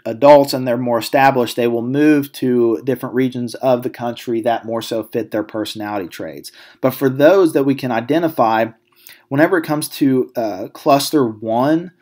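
A man's voice: mid-range voice, darkish tone. A man with a Southern American accent, a psychology instructor giving a recorded lecture over slides, speaking in a conversational way with many fillers and restarts. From Southern United States.

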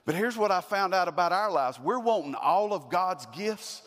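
A man's voice: sits high, expressive, moderate pace, fairly bright tone, in a large hall. A man preaching a sermon as pastor, building to emphatic repeated questions. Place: church sanctuary.

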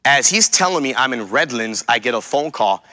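A man's voice: mid-range voice, animated, moderate pace, sharp tone, dry recording. A male pastor preaching a sermon, telling a personal story and making emphatic declarations to his congregation.

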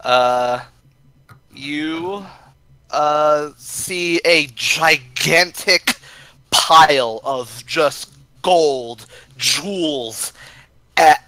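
Slow, bright-voiced male game master. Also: on the high side, no room sound. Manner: halting, with many fillers. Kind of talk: narrating a tabletop game.

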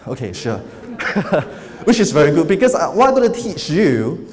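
A man giving a live lecture, guiding volunteers through hypnosis with slow, soothing suggestions between upbeat stage remarks. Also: on the high side, big pitch swings, darkish tone. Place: large lecture hall with audience. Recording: echoey hall, faint noise.

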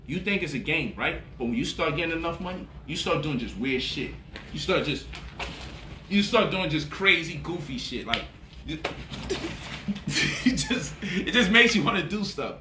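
A man hosting a lively talk about money, boasting, laughing and swearing freely, and mocking his critics in quoted voices. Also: a little high, measured pace, echoey room, a little hiss or hum. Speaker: host. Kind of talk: animated livestream talk.

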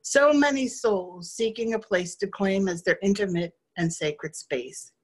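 Woman guest speaker, mid-pitched, reciting rhyming verse in a measured rhythm. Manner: rhythmic, measured reading in rhyme. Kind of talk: poetry recitation.

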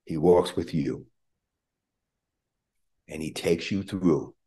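A male preacher delivering a livestreamed sermon with call-and-response, at times quiet and emotional in prayer. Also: low voice, takes it slowly.

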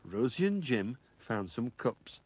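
A man's voice: medium pitch, sing-song, slow, a little mellow, breathy edge, dry recording. A man narrating a children's story in a playful way, savouring the sound words.

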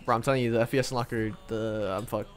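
A young man in casual gaming voice chat, slangy and prone to loud hyped-up exclamations. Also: medium pitch, fairly even intonation, fast, music in the background. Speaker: gaming friend.

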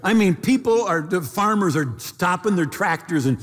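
A man's voice: sits high, animated, normal speed. A middle-aged man preaching a sermon, telling a personal story with sound effects and acted quotes. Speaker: pastor. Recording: long hall reverb.

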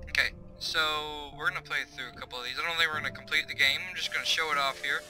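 A man's voice: on the high side, fairly even intonation, quick pace, few pauses, music in the background, rough recording. A young man giving casual, chatty let's-play commentary from his bedroom, reading on-screen tips aloud. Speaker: gaming YouTuber. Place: home bedroom.

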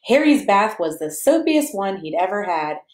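A woman reading a picture book aloud to children in a playful, animated way, chatting to them and to her dog between pages. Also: medium pitch, moderate pace. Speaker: children's story reader. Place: church or home room, echoey. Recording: echoey room.

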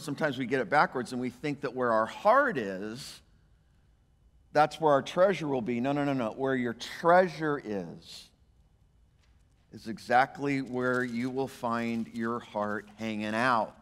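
A male pastor, preaching a sermon in an emphatic, animated way and voicing the quotes he reads. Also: mid-range voice, unhurried. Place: church sanctuary. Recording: church hall reverb.

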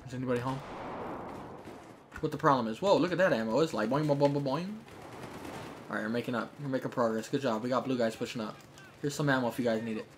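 A man giving jokey, chatty commentary over his own gameplay, breaking into shouts when things get tense. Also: medium pitch, very fast, background noise. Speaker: gaming YouTuber. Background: game gunfire.

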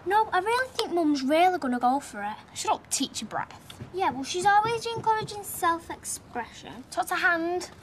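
Cheeky teen daughter, very high, lively pitch, faint noise. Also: female voice, normal speed. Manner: cheeky, teasing. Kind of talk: television soap acting.

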